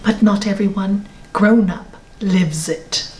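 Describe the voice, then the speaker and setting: A woman voicing a calm male Buddhist monk who speaks plainly, quietly and slowly in a spoken story. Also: medium pitch, a little hiss or hum, voice pushed down, close to an everyday voice. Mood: serene.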